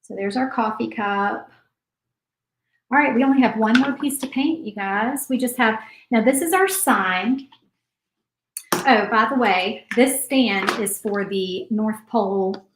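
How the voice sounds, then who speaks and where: Hosting a crafting livestream, a woman chats casually and thinks aloud while she paints. Her medium-pitched voice moves slowly with long pauses, captured in a low-quality recording with an echoey room and slight background noise.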